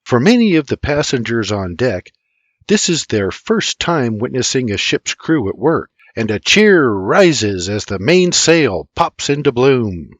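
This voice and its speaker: An older man narrates a historical audiobook at an unhurried pace. His intonation rises and falls in a lively way, and the recording is dry and close with no room sound. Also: medium pitch, no room sound. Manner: slow, measured, lively intonation. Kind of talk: scripted narration.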